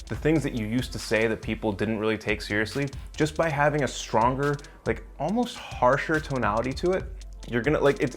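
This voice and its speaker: A young man giving blunt, emphatic advice in a casual vlog, talking straight to the viewer and swearing now and then. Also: medium pitch. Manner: talks directly to the viewer in a coaching way. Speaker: self-improvement vlogger.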